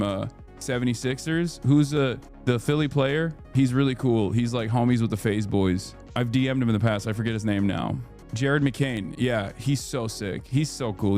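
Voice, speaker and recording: A man in his thirties chats on a live stream, telling stories in a lively, cursing, ranting way. His voice sits at an ordinary middle pitch, and faint music plays underneath. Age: 30s. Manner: animated, profane storytelling, ranting. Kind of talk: casual live-stream chat.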